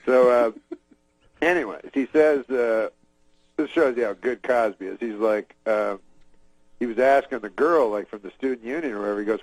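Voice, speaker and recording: A comedian from Canada telling a rambling deadpan story as a talk-show guest, full of fillers and restarts. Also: male voice, medium pitch, normal speed, no room sound, poor audio.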